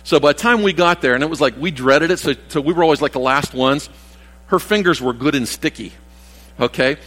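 Here the pastor, a man in his sixties, talks fairly quickly with a higher, slightly bright voice. It's a chatty, folksy sermon that keeps restarting and drifting into asides, recorded amid the long echo of a church hall.

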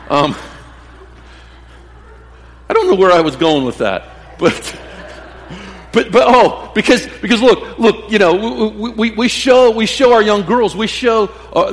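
Brief: man preaching a sermon, restarts and repeats phrases, long church-hall reverb. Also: fairly high pitch. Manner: repeats words and restarts phrases, direct address to the congregation.

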